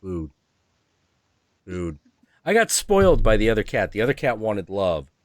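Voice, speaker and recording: A man streaming casually, profane and animated, acting out animal voices as he talks. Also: lowish voice, a little slow, no room sound. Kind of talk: casual chat.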